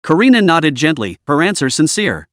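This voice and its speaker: Lively male narrator, dry close sound. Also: on the high side, moderate pace, dry recording. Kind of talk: scripted recap narration.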